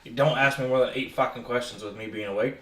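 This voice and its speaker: A man co-hosting a podcast in casual chat, grumpy and swearing often, his words often trailing off low. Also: fairly even intonation, fast, roomy sound, poor audio. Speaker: podcast co-host.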